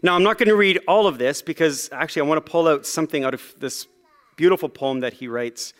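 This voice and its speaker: A pastor preaching in a relaxed, conversational way, self-deprecating and full of fillers. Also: male voice, a little high, quick pace. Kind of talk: sermon.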